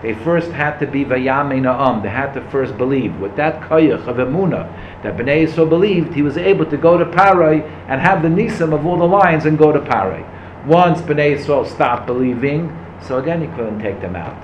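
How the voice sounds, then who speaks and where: A man's voice: fairly high pitch, expressive, normal speed, muffled recording, slight background noise. A man teaching a Torah class, asking and answering his own questions and quoting verses in a chanting tone. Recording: roomy echo, faint ambience.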